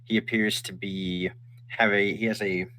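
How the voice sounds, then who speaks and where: A man narrating a tabletop game as game master, setting scenes in an unhurried, descriptive way. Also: on the low side, level tone, bright, forceful tone, a little hiss or hum.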